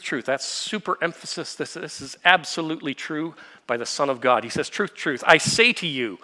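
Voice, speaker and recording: A man preaching a sermon, explaining scripture with everyday illustrations and rhetorical questions, swinging from quiet asides to fervent emphasis. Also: a little high. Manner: expository preaching, builds to impassioned emphasis then drops to quiet. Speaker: pastor.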